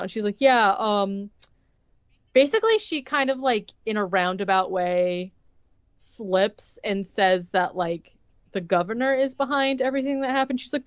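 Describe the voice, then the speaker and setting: A woman's voice: medium pitch, moderate pace, no room sound, muffled recording. A young woman co-hosting a podcast, retelling a movie plot in casual chat, full of "like" and acted-out quotes. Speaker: podcast co-host recapping a movie.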